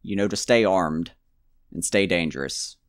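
A man's voice: low-pitched, unhurried, no echo, clean studio sound. A man casually commenting on his own gameplay, rambling and joking to himself with mock outbursts. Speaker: let's play gamer.

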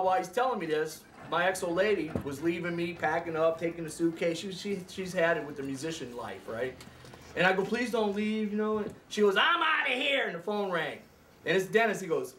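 A man, a musician, telling a story in an interview, acting out the dialogue and jumping up loudly at times. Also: high voice, roomy sound. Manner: lively, acts out dialogue, voice jumps up loudly.

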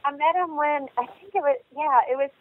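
A woman guest in an interview, telling stories in a chatty, animated way with lots of fillers and acted-out quotes. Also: high-pitched, brisk. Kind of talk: casual storytelling in an interview. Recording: phone line.

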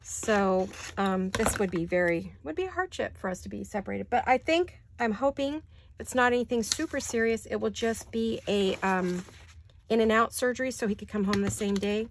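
A woman's voice: medium pitch, moderate pace, slight background noise. An older woman chatting casually while doing paper crafts at her desk, rambling with apologetic asides. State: hiccups.

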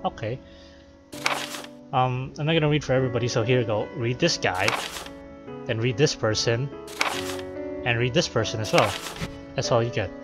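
A man's voice: medium pitch, moderate pace, pauses often, over music. A man casually playing a visual novel, reading its text aloud and chatting loosely with lots of fillers. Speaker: let's player.

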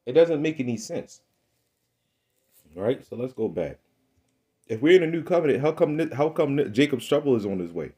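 A man's voice: mid-range voice, sing-song, moderate pace, pauses often, warm tone. A man preaching an informal sermon, fiery and rhetorical, constantly checking in with "right?" and "man.". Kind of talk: informal street-style sermon.

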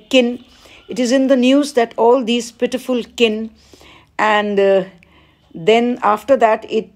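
A woman, teaching as she works through an exam paper, reading each question aloud and then explaining the answer with pauses. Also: medium pitch, a little mellow. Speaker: English teacher. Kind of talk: exam paper walkthrough lesson.

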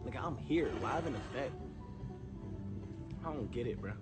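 A man's voice: medium pitch, animated, a little slow, loud music behind the voice. A man on a livestream, drunk, rambling and swearing in casual chat. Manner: slurry, rambling, laughing and swearing.

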